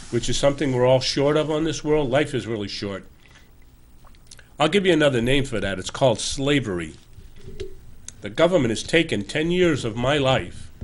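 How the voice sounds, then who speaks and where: A slight hiss or hum sits under the medium-pitched voice of a man in his sixties who hosts a show. His political commentary is earnest and emphatic, urging the audience, delivered loosely and conversationally with frequent self-corrections.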